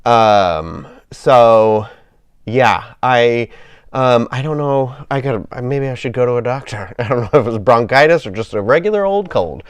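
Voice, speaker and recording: A man's voice: medium pitch, expressive, measured pace, smooth, dry recording. Stuffy-nosed man chatting on a stream. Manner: rambling, apologetic, self-deprecating. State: stuffed up with a cold. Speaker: live streamer. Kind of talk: casual live-stream chat while gaming.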